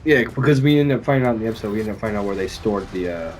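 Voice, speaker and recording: A man's voice: lowish voice, animated, racing, soft background music. A man co-hosting a podcast, rambling through a casual recap of a TV episode and retelling scenes with quoted lines. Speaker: podcast co-host. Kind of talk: casual chat recapping a TV show.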